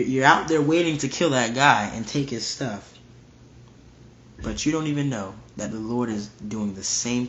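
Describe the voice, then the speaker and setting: A man's voice: mid-range voice, a little hiss or hum. A man giving a casual verse-by-verse Bible study, reading scripture aloud and repeating his points with emphasis. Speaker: Bible teacher. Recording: roomy, dull lo-fi recording.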